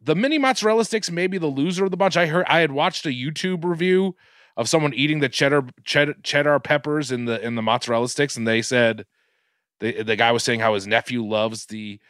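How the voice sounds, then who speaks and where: A man's voice: on the high side, fairly quick, a bit bright, smooth, dry recording, studio quality. A man co-hosting a podcast, telling rambling food stories in casual chat and swearing freely. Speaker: podcast co-host.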